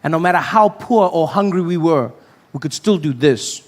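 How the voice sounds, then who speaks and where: A man in his thirties with a South African accent, performing an animated stand-up routine and acting out voices. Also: a little high, normal speed, in a large hall. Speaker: stand-up comedian. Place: comedy stage before a live audience. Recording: live show with faint crowd and noise.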